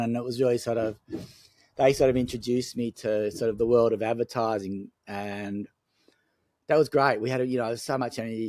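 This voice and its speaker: A man's voice: medium pitch, a little mellow, no room sound. A man, a film director telling rambling anecdotes in an interview. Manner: rambling, anecdotal, many fillers and restarts. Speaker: film director, podcast guest. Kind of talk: casual storytelling interview.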